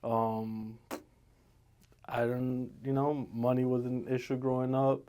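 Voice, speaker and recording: A man's voice: medium pitch, little pitch movement, slow pace, mellow. A man in his twenties from the Dominican Republic, co-hosting a casual podcast in a laid-back, joking way. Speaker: podcast co-host, realtor. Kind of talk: casual chat.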